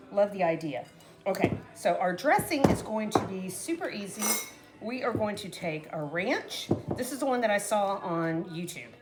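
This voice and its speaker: A woman's voice: fairly low pitch, darkish tone. A middle-aged woman chatting casually to her viewers while making a salad, rambling and often trailing off mid-sentence. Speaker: cooking vlogger. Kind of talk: casual cooking chat to camera.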